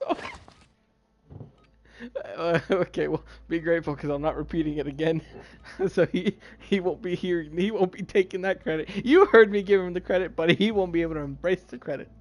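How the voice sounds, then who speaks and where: A man's voice: on the high side, brisk. A young man on a game voice chat, giggling and teasing his friends in a playful way. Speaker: teammate. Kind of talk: casual gaming chat.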